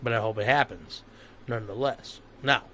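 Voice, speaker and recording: A man's voice: medium pitch, normal speed, pushed and bright, a little hiss or hum. A man hosting a casual podcast, joking with his guest in loose, playful banter. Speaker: podcast host.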